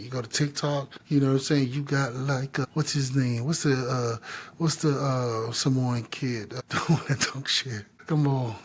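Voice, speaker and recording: A man co-hosting a podcast in casual chat, telling stories in an animated, slangy, profane way. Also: mid-range voice, normal speed. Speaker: podcast co-host.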